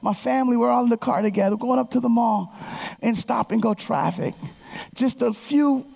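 A woman's voice: a little high, moderate pace, creaky. A woman in her fifties preaching a sermon, telling stories and calling out to the congregation. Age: 50s. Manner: animated storytelling, calls out to the congregation.

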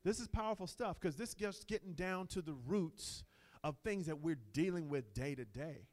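A middle-aged man preaching a sermon in a conversational way, moving between quiet asides and loud, emphatic lines. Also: a little high, animated, normal speed. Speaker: pastor.

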